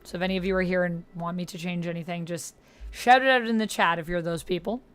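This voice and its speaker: A woman's voice: on the low side, fairly even intonation, fast, smooth. A woman live-streaming a video game, casually reading out menu options and chatting with her viewers. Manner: reads menu options aloud, chats with viewers.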